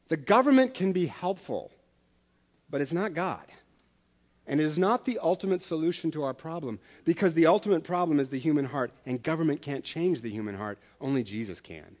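A middle-aged man, preaching a sermon as pastor, telling stories with humor in a conversational way. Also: on the high side.

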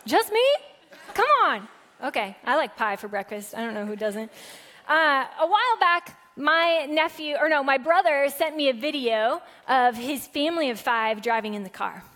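A woman's voice: high-pitched, lively intonation, normal speed, a bit bright, in a large hall. A woman pastor preaching a sermon in a conversational, playful way to a live congregation in a church sanctuary.

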